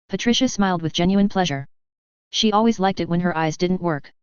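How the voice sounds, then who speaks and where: Clear-voiced woman reading a story. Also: lowish voice, brisk, no echo. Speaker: narrator. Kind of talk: audiobook reading of a sci-fi story. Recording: dull, muffled recording.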